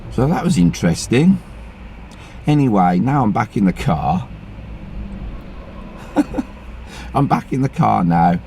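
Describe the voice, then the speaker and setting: A man's voice: fairly low pitch, big pitch swings, slow pace, vocal fry, long pauses, mellow, slight background noise. A middle-aged man, chatting to camera from inside his car in a chatty, grumbling, sweary way. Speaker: vlogger. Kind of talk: casual chat to camera. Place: inside a car on a rainy day. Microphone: phone camera.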